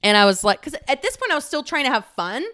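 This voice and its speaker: Candid young woman, clear high voice. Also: very animated, quick pace, pushed and bright. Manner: candid, emotional, laughs often, swears casually. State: close to tears. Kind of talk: personal storytelling.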